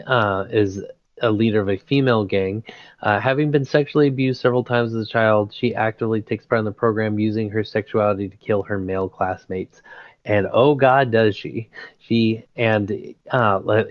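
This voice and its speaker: A man's voice: lowish voice, no room sound. A man hosting a casual chat, retelling a story in a rambling, slangy way full of fillers and laughs. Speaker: podcast host. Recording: dull lo-fi recording.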